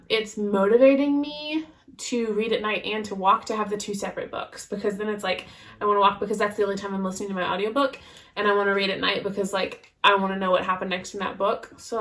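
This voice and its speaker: A young woman co-hosting a podcast, talking in a relaxed, rambling way full of "um" and "like". Her voice sits in a middle pitch and stays conversational as she tells everyday stories. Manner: chatty, rambling with fillers. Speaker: podcast co-host. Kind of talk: casual chat.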